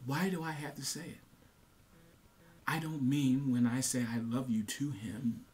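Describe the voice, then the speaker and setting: A man's voice: medium pitch, steady tone, a little slow, a little mellow. Earnest man rambling to camera. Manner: earnest, repetitive, many fillers and restarts. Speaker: vlogger. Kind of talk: casual monologue to camera.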